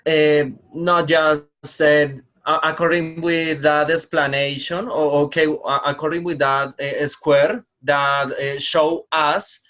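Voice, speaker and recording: Slow, hesitant male student. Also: a little high, little pitch movement, fairly bright tone. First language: Spanish. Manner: hesitant, many fillers. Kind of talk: asking a question in class.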